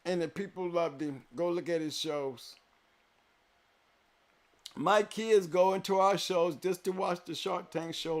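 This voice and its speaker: A man hosting a live stream, talking to his viewers in an emphatic, preachy way, repeating his points and swinging between loud declarations and quiet reflection. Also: sits high. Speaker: show host.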